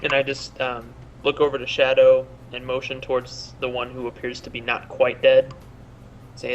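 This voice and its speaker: A man playing a tabletop game, speaking quickly and a bit hesitantly. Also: medium pitch, completely flat delivery, slight background noise, low-quality recording. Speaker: player.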